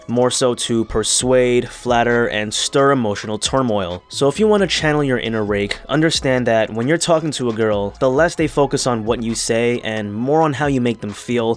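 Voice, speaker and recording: A young man hosting an animated podcast, narrating in a calm, explanatory scripted voice-over. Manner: calm explanatory voice-over, demonstrates a low grounded voice. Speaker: podcast host. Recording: faint music behind the voice.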